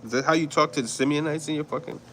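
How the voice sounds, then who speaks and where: A man's voice: on the high side, very fast, sharp tone, a little hiss or hum, rough recording. A man from New York hosting a livestream, chatting casually with viewers, swearing, laughing and rambling. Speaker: livestream host. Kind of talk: casual commentary with chat.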